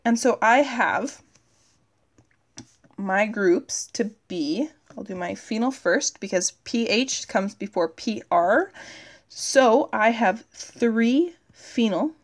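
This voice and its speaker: This is a woman teaching chemistry on a recording, her voice mid-range. She reasons aloud as she writes on the board, and her pauses fill up with "uh" and "okay."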